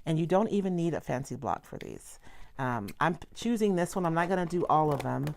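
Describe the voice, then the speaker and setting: Middle-aged woman, chatty livestream craft host, low gravelly voice. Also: big pitch swings, fairly quick, slight background noise. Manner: chatty, rambling, self-interrupting. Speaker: craft product demonstrator. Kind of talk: casual livestream craft demo. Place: home craft table.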